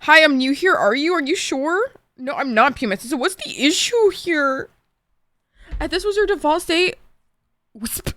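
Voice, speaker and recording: Young woman streaming, chatty and emotional, cusses a lot, bouncy high-ish voice, dry close sound. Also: big pitch swings, measured pace, long pauses, fairly bright tone, dry recording. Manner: chatty, emotional, swears freely. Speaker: live streamer. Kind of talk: casual chat with stream viewers.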